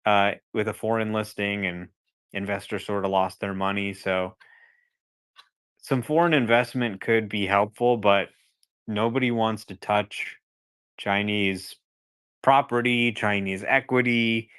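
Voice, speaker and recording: A man speaking as a guest analyst in a casual podcast discussion, conversational and turning animated when he acts out a scenario. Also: lowish voice, measured pace, clear, resonant tone.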